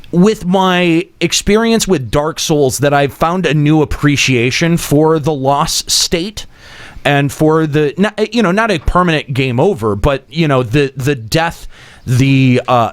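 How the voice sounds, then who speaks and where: A man's voice: on the high side, expressive, takes it slowly. A man hosting a casual gaming podcast, thinking aloud in long winding sentences and swearing casually. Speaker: podcast host leading the discussion. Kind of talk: casual panel chat.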